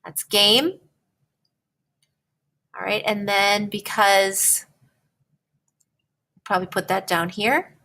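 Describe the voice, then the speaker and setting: A woman teacher explaining a writing lesson in a slow, patient way, often checking in with "okay?". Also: mid-range voice, level tone, vocal fry, fairly bright tone.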